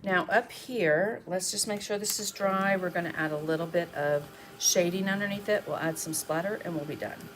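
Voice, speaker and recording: A woman's voice: on the low side, normal speed, few pauses, a crowd in the background. A woman art instructor chatting through a live painting tutorial, thinking aloud as she works and thanking viewers for their comments.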